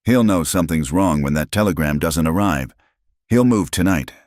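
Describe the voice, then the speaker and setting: A man's voice: low voice, lively intonation, moderate pace, a little mellow, no echo, clean studio sound. A man voicing a grave, watchful male guard who gives a warning.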